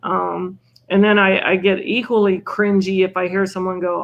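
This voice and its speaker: A woman's voice: on the low side, little pitch movement, vocal fry, muffled recording. An older woman, a guest on a recovery podcast, telling personal stories in a chatty, self-mocking way. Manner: chatty and self-mocking, with frequent "you know" and quick laughs. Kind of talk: conversational storytelling.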